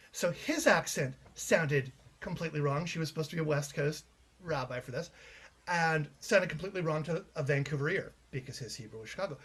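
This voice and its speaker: A man's voice: on the high side, fairly bright tone, breathy edge. A man from Canada, a playwright being interviewed, telling anecdotes in a chatty way with frequent restarts. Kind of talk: casual interview chat.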